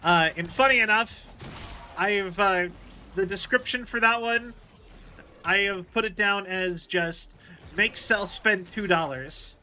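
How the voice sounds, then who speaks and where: A man's voice: high voice, unhurried, bright, forceful tone, slight background noise. A man streaming a video game, chatting casually and explaining things at length with lots of fillers. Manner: rambling, explains with many fillers. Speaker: livestreamer.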